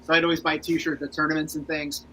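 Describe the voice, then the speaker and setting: A man co-hosting a podcast, chatting in a friendly way with quick asides. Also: fairly high pitch, little pitch movement, pushed and bright, a little hiss or hum, low-quality recording. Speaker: podcast co-host. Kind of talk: casual chat.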